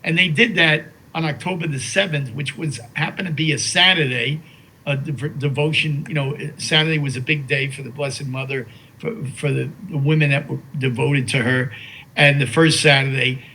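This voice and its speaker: An older man talks in an interview with a slightly raised pitch, remembering his late wife with emotion. He pauses and restarts often, filling gaps with hesitations. When he reads aloud he slows into a reverent pace. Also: fairly even intonation, pushed and bright, slightly rough, poor audio. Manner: halting, with many fillers and restarts; slow and reverent while reading a poem aloud. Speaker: interview guest.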